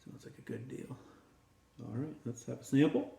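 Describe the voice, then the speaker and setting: A man's voice: mid-range voice, normal speed, creaky, mellow. A man hosting his own beer-tasting channel, chatty and easygoing as he reviews a beer and sets up a joke. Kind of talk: casual beer-review vlog with jokes. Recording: roomy echo.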